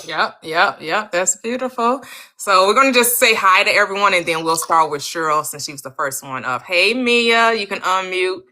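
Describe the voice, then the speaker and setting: A bright, lively woman leads a casual group discussion on a video call. Her voice swings up and down as she greets each member with quick repeated words. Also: mid-range voice. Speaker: host of a group reading session.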